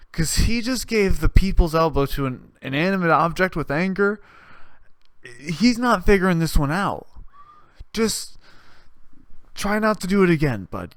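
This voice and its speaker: A man's voice: high-pitched, dry recording, clean studio sound. Rambling, profane young man telling stories. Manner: rambling, profane, animated retellings with restarts. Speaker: podcast host. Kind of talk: casual storytelling monologue.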